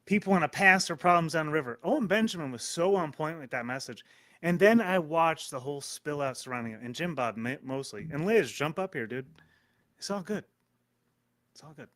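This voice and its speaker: A man's voice: a little high, lively intonation, a little fast, a bit bright, no echo. A man hosting a live stream, rambling in profane, casual commentary and talking to his chat. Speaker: streamer host.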